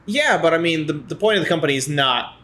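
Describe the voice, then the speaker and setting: A man's voice: on the high side, animated, fast talker, bright, forceful tone, a little hiss or hum. A man in his twenties co-hosting a podcast, chatting loosely and swearing casually. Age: 20s. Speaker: podcast co-host. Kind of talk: casual chat.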